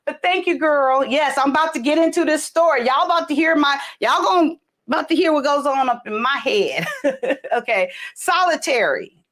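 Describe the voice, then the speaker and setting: A woman's voice: high voice, lively intonation, moderate pace, fairly bright tone. A middle-aged woman hosting a casual livestream, rambling between topics and answering viewers' comments. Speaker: livestream host. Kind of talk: casual live chat with viewers. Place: home, in California.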